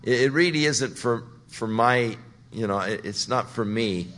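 A man's voice: mid-range voice, unhurried, a bit bright. A man preaching a sermon on a Bible passage, talking it through conversationally and building to emphatic points. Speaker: pastor.

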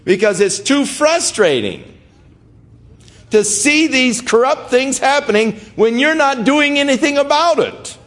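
A man's voice: very high-pitched, big pitch swings, a little slow, a bit bright. An older man preaching a conversational sermon, acting out the voices of people praying as he quotes them. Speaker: pastor.

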